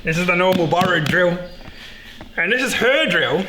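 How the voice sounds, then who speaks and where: A middle-aged man hosting a casual beekeeping vlog, joking excitedly and swearing freely. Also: high-pitched, normal speed. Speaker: beekeeper and show host. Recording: echoey room with loud background noise.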